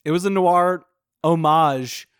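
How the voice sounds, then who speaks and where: A man's voice: fairly high pitch, takes it slowly, smooth, no room sound, studio quality. A young adult man co-hosting a podcast, chatty and wry with plenty of fillers. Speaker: podcast co-host. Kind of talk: casual chat.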